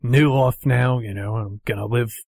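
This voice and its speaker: Troubled clone veteran, voiced by a man, halting delivery, dry recording. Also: mid-range voice, steady tone, gravelly, darkish tone, no room sound, natural voice. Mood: haunted. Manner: hesitant, halting. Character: haunted male clone ex-soldier working as bellhop. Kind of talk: character voice in tabletop play.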